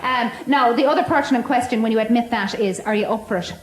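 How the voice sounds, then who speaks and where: A woman's voice: on the high side, fast, slight background noise. An Irish woman comedian doing cheeky, chatty banter with a live audience on a theatre stage. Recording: echoey live theatre with music.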